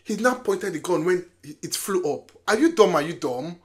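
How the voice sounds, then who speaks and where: A movie reaction vlogger chatting casually, talking back to the screen and shouting warnings at the characters. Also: medium pitch, big pitch swings, normal speed. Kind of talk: casual live reaction to a film. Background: film soundtrack music playing.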